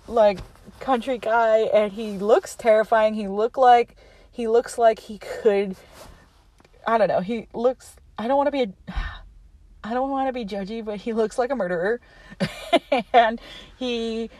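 A woman's voice: mid-range voice, a little mellow, no echo. A young adult woman recapping a movie casually on her podcast, chatty, saying "like" a lot and laughing often. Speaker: podcast host.

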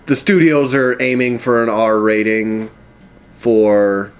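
A man's voice: fairly low pitch, takes it slowly. A man co-hosting a podcast, retelling scenes and putting on voices as he chats casually. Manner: animated retelling with voiced quotes and laughter. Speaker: podcast co-host. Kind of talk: casual chat.

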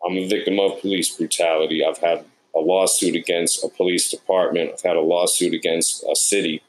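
A man's voice: deep voice, level tone, brisk, slight background noise, poor audio. A man, a production sound mixer, recounting his experiences in an interview and acting out the people he met in quoted dialogue. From New York. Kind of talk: interview storytelling.

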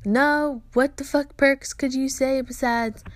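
A woman's voice: high voice, slow pace, dry recording. Profane ranting young woman. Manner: profane, blunt, animated ranting. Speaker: podcast host. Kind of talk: casual venting monologue.

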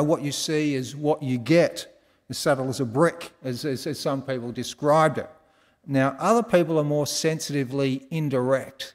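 A man's voice: mid-range voice, big-room sound. A man with an Australian accent preaching a conversational sermon, quizzing the congregation with folksy asides. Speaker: pastor. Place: large church hall.

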